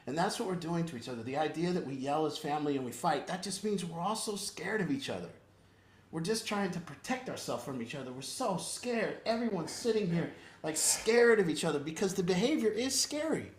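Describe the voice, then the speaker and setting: Earnest man counselor, somewhat high-pitched, emphatic and rambling in an informal group talk, recorded in a reverberant room. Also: lively intonation, a little fast. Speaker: recovery program counselor.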